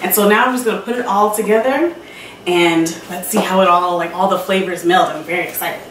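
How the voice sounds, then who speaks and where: A woman's voice: on the low side, fairly quick, a bit bright, a little hiss or hum. Chatty woman hosting a cooking show. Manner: chatty, addresses viewers directly. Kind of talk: casual cooking demonstration. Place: home kitchen. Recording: roomy kitchen sound, mic at a distance.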